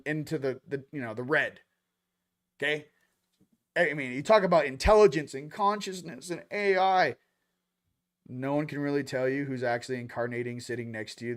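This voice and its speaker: A man hosting a casual spiritual talk show, ranting animatedly, swinging between loud bursts and low, intense passages, with playful sound effects and mock voices. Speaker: host.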